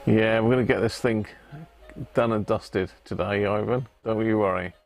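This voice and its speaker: A man's voice: fairly low pitch, steady tone, moderate pace, soft background music. A man hosting a casual livestream, chatting with viewers and greeting them by name, laughing often. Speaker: livestream host. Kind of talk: casual live chat with viewers.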